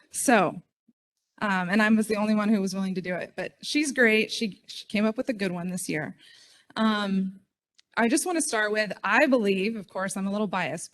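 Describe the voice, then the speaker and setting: A middle-aged woman speaks at a conference podium. Her delivery is chatty and self-deprecating, full of ums and quick asides as she talks to the room. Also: mid-range voice. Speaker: state official speaking at a conference. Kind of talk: conference speech.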